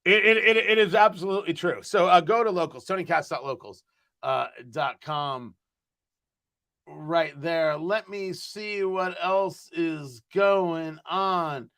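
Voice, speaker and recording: A man hosting his own show in casual live-stream chat, emphatic and animated, often repeating words as he talks, originally from the US East Coast. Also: a little high, a little slow. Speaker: host.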